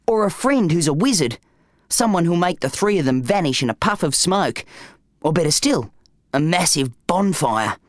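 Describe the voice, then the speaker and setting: A male narrator voicing an anxious, fed-up schoolboy who mutters his wishes, pitched above his own voice. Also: very animated, moderate pace, no room sound, clean studio sound. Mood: glum. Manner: muttering, wishful.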